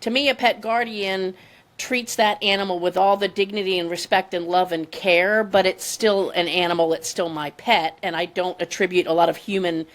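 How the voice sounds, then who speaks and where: A woman's voice: lowish voice, fairly even intonation, moderate pace. Candid woman podcast host. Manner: opinionated, candid, reflective. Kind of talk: casual podcast conversation.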